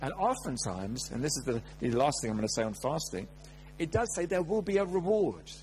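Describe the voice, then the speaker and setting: A man's voice: on the high side, fairly quick, slight background noise, low-quality recording. A man preaching a sermon, telling personal stories with humor and acting out quotes. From England. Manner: animated, humorous, acts out quotes.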